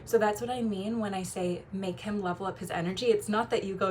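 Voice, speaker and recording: Young woman, casual vlog coach, warm gushing delivery, light background noise. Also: medium pitch, fairly even intonation. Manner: warm, gushing, quick laughs and playful quoted voices. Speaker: feminine energy coach. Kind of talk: casual talking-to-camera advice.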